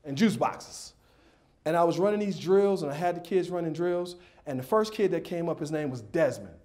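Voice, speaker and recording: A man from Detroit giving a humorous storytelling speech at a banquet dinner, animated, acting out voices and rising to shouts. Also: on the high side, a little fast. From Detroit, USA. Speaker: motivational speaker.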